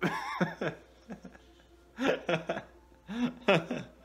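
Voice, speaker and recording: A man's voice: high voice, extremely slow, creaky, a bit bright, faint music behind. A young man casually filming at home, laughing and coaxing his pet cat in playful baby talk. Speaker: vlogger. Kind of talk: casual vlog talking to a cat. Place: house, basement and backyard.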